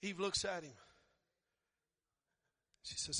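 A man preaching a storytelling sermon who builds to shouting fervor. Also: a little high, unhurried, in a large hall.

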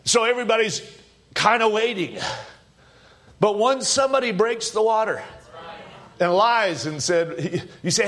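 A man's voice: high voice, lively intonation, unhurried, long pauses, a bit bright. A man preaching an informal sermon in a conversational, joking, storytelling manner.

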